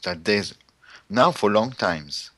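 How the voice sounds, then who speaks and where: A man in casual conversation, speaking earnestly with slightly halting, non-native phrasing. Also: fairly low pitch, lively intonation, a bit bright, dry recording. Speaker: co-host.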